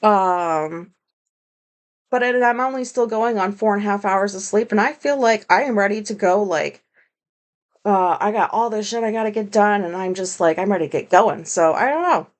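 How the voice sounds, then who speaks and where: A woman's voice: mid-range voice, normal speed. A woman hosting her own podcast, talking in a candid, rambling monologue full of fillers and swearing. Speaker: podcast host. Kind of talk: casual solo podcast monologue.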